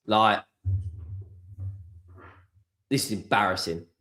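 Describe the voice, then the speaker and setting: A man's voice: on the low side, steady tone, takes it slowly, sharp tone. A man hosting a live football watchalong stream, ranting in exasperation and swearing freely.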